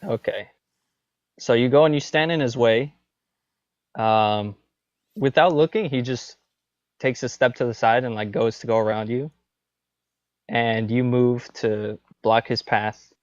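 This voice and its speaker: Unhurried man narrating as game master. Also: medium pitch, no room sound, dull audio. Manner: loose, filler-heavy narration.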